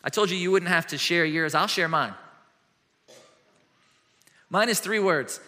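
A middle-aged man preaching a sermon as a pastor, telling stories with lively swings between loud and hushed. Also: sits high. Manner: animated storytelling with quick shifts from loud to hushed. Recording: long hall reverb.

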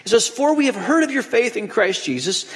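A pastor delivering a conversational sermon, telling stories with frequent restarts. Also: male voice, extremely high pitch, big pitch swings, brisk, fairly bright tone, big-room sound, a little hiss or hum. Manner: conversational storytelling preacher with restarts.

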